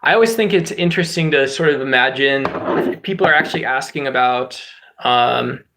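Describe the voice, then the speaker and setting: A man's voice: medium pitch, a little fast, background noise. A man hosting his own vlog, rambling and joking between musings, recorded on a phone propped on a box. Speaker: channel host. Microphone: phone resting on a box.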